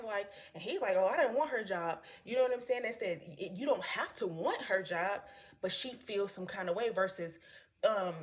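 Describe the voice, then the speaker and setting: A woman, casually telling her followers a story and often asking "you know what I'm saying". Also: mid-range voice. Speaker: vlogger telling a story to viewers.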